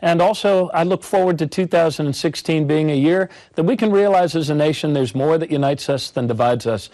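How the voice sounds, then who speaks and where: A man's voice: a little high, fairly quick, a little mellow, rough recording. A man, a former governor, reading an earnest holiday greeting.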